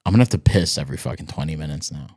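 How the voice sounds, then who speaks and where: A man's voice: extremely low pitch, lively intonation, rapid-fire, darkish tone, breathy edge. A man talking as a podcast guest in crude, casual banter, laughing often and swearing a lot.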